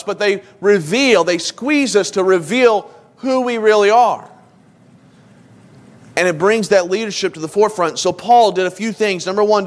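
A man teaching a Bible lesson in a loose, conversational preaching style, stopping to put questions to his listeners. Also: high-pitched. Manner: informal, asks the audience questions.

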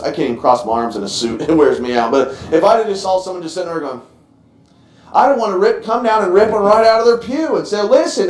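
High-voiced preacher in an echoey church. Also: male voice. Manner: earnest, emotional preaching with frequent stammered restarts. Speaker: pastor. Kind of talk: sermon.

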